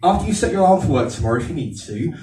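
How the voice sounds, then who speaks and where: Stand-up man, Aldershot accent, a little higher than most and very lively, self-mocking and chatty with the crowd, getting over a cold; heard from far off in an echoey room. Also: very fast, slight background noise. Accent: Aldershot English. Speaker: stand-up comedian. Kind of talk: stand-up comedy set. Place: comedy venue with a live audience. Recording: echoey room, distant mic, audience laughter.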